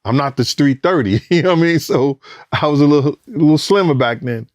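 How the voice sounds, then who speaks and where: A man recounting events as a former bodyguard in an animated, profane interview, acting out voices and sounds. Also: a little high, a little fast, no echo, dull audio. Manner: profane, acts out quotes and sounds, rising excitement.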